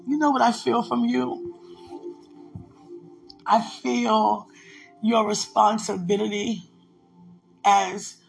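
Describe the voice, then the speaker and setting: A woman's voice: medium pitch, creaky. A woman in a casual spiritual vlog, speaking emotionally and prayerfully, tenderly addressing unseen listeners.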